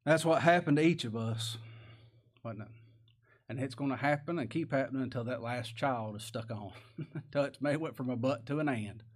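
A man's voice: mid-range voice, moderate pace. A man preaching a sermon, folksy and plain-spoken, asking the congregation rhetorical questions and reading scripture aloud. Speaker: pastor.

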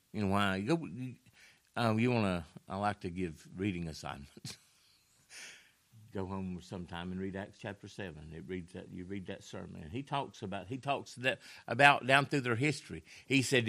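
A man preaching a sermon with a gravelly, bright edge to his voice. He talks in a folksy way and repeats key lines for weight. He swings between quiet low murmurs and loud raised passages. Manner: folksy, repeats phrases for emphasis.

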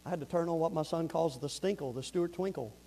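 A man with a Southern accent preaches a sermon, his voice fairly high and fast, shifting emphatically between loud, urgent appeals and quiet, earnest asides. A faint hiss or hum sits under the recording.

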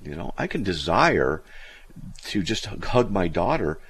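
A man hosting a Bible teaching show, animated and emphatic, his voice jumping high when he gets excited, pausing to look up verses as he thinks aloud. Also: a little hiss or hum.

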